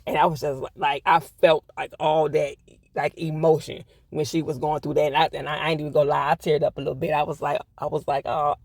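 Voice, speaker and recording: A man's voice: on the high side, level tone, fast talker, creaky, no echo. A man giving a casual, blunt TV episode review, swearing freely and repeating his points for emphasis. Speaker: TV show reviewer.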